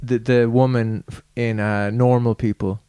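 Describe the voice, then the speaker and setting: A man's voice: mid-range voice, flat delivery, measured pace, warm tone, smooth, dry recording. An Irish man hosting a podcast, chatting loosely and breaking into laughter often. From Ireland. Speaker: podcast host. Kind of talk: casual chat.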